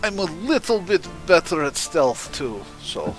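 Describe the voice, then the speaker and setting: A man's voice: fairly high pitch, big pitch swings, measured pace, faint music behind. A man playing a tabletop game, bantering in character in a playful way with hesitant restarts. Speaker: player.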